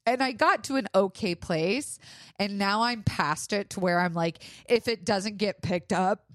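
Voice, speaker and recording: A woman's voice: medium pitch, a little slow, no room sound, studio quality. A young woman co-hosting a podcast, telling a story in casual chat and acting out what people said, with lots of "like". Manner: animated storytelling, acts out quotes, frequent "like". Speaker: podcast co-host.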